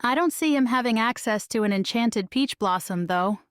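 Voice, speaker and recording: Woman doing a teasing girlfriend, kinda high and lively, dry audiobook sound. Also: moderate pace, clean tone, no echo, close to an everyday voice. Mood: playful. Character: teasing, playful woman friend.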